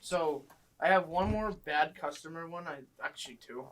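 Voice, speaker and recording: A man telling funny stories from his old job in casual chat, animated and swearing freely. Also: on the high side, normal speed, recorded from a distance. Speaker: guest storyteller.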